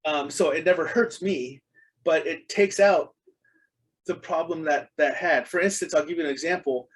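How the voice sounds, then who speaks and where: A middle-aged man talking as a podcast guest, with a voice a bit higher than most men's. He tells his stories earnestly, circling back with ums and restarts. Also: moderate pace, low-quality recording. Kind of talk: casual interview chat.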